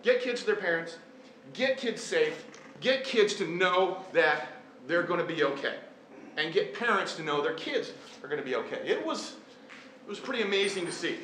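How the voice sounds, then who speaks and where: A middle-aged man speaks to a live audience, telling an earnest story with self-deprecating jokes. His voice sits a little high and sounds bright and forceful. The recording is roomy and echoey, with a faint hum in the background. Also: very animated, normal speed. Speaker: teacher and event speaker. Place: large echoey hall. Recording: echoey hall, faint room noise.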